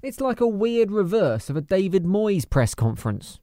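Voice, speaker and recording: A man's voice: high-pitched, sing-song, moderate pace, mellow. A man hosting and narrating comedy in a dry, sarcastic way. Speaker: host. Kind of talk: sardonic scripted comedy narration.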